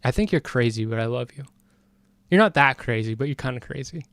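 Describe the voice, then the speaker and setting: Casually streaming, a man reads chat comments aloud and rambles through his thoughts, questioning himself and restarting often before growing louder and more heated. His mid-range voice is expressive and a little fast, recorded dry with clean studio sound.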